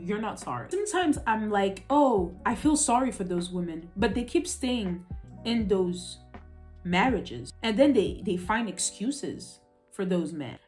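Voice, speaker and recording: A young woman giving exasperated, ranting reaction commentary. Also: mid-range voice. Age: young adult. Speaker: reaction video host.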